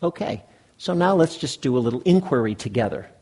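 A man gives a dharma talk to a live group in a meditation hall. His voice is gravelly and a little husky, at an ordinary pitch. He talks conversationally and checks in with the listeners often. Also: lively intonation, fairly quick, darkish tone. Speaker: meditation teacher.

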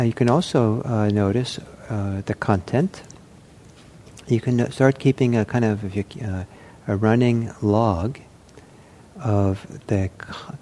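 A man giving an unscripted meditation talk, speaking in a gentle, reflective way with frequent pauses and restarts. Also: lowish voice, a little hiss or hum. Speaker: meditation teacher.

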